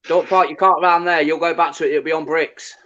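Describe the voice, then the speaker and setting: A man joining a casual chat over his phone, teasing with quick jokey comebacks. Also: a little high, steady tone, a bit bright, dry recording, lo-fi sound.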